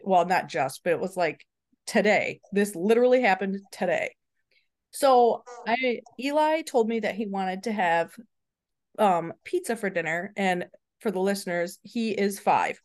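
A woman in her thirties co-hosting a podcast, telling funny parenting stories in an animated way and laughing often. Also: mid-range voice, measured pace. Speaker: podcast co-host. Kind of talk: casual chat.

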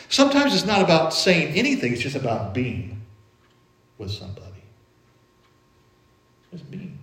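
Folksy preacher in a roomy church. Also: male voice, on the high side, big pitch swings, moderate pace, long pauses. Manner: conversational, folksy preaching with everyday anecdotes. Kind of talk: sermon.

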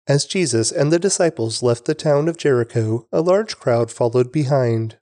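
A man narrating a scripture reading in a steady, measured way. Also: medium pitch, no room sound, clean studio sound.

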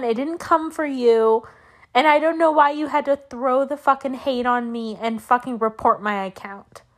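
A young woman hosting a solo podcast, telling a story as a profane, animated rant that swings up and down. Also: high-pitched. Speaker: podcast host.

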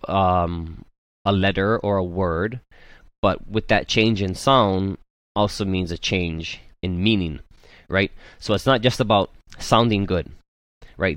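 Slow, careful male language teacher. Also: fairly low pitch, fairly bright tone, no room sound, studio quality. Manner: slow, careful, models vowels aloud with frequent "right?" and "um". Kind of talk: patient classroom instruction.

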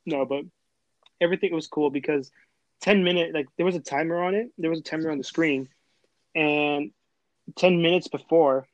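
Young guy rambling thru a story, lots of likes and restarts, dry close mic, kinda high voice. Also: steady tone, moderate pace, long pauses, dry recording, muffled recording. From Texas. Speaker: host. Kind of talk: casual chat.

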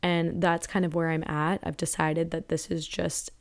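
A young woman talks alone on her podcast in a loose, earnest monologue. Her voice sits a little low for a woman. She wanders through her thoughts with plenty of "like" fillers. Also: flat delivery, normal speed. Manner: earnest and rambling, many "like" fillers. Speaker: podcast host. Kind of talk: casual spiritual podcast monologue.

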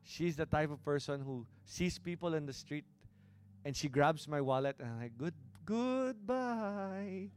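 A man's voice: fairly high pitch, normal speed, darkish tone, slight background noise. A middle-aged man with a Filipino accent preaching a sermon, mixing English with Tagalog and stressing his points. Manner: switches between English and Tagalog, emphatic preaching. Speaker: pastor.

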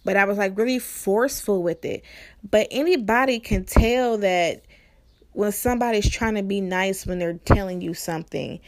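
A young woman vlogger telling a story in a casual, profane and animated way, with an exasperated edge. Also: mid-range voice, normal speed.

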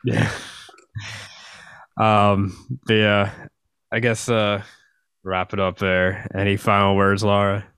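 Very deep-voiced laid-back podcast host. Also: male voice, monotone, slow, long pauses, fairly bright tone, clean tone, dry recording. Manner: laid-back, hesitant, with fillers. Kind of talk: casual chat.

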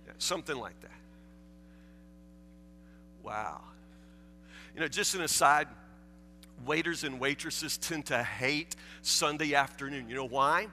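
Man, forties, sermon storytelling, slightly high voice, faint music behind. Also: animated, slow pace, pauses often, pushed and bright. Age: 40s. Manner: folksy, self-deprecating, stammers on restarts. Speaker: pastor. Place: large church sanctuary. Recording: long church-hall reverb, faint music.

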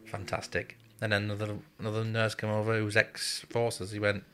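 A former RAF serviceman appears as a podcast guest, recounting a tale from his military days in a blunt style peppered with swearing and frequent laughter. His fairly low voice stays flat in tone, moves at a brisk clip, and sounds somewhat bright. Faint music plays behind him.

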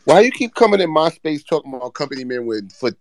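A man's voice: on the high side, big pitch swings, fast. A man hosting a casual live audio chat, exasperated and profane as he keeps the others in line. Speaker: host.

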